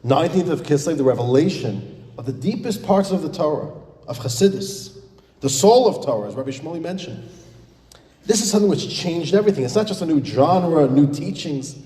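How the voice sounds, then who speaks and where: A man, a rabbi, giving an animated sermon with a joke, calling his audience dear friends. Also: on the high side, brisk. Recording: echoey hall reverb.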